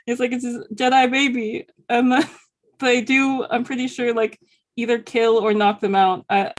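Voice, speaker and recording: A woman co-hosting a podcast with a somewhat high voice. She chats casually, laughs often and fills her speech with filler words. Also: flat delivery, moderate pace. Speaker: podcast co-host. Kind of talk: casual chat.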